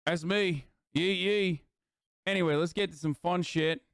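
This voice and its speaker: A man's voice: fairly high pitch, fairly even intonation, moderate pace, dry recording, studio quality. A man hosting a livestream in casual chat, ranting, mocking and swearing freely. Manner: reads viewer messages aloud. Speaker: streamer host.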